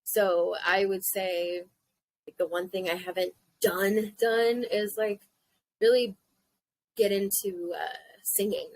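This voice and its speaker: A woman's voice: mid-range voice, steady tone, slow pace, dry recording, rough recording. A woman in her thirties hosting a casual podcast chat, bubbly and giggly, swearing playfully. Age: 30s. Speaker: podcast host.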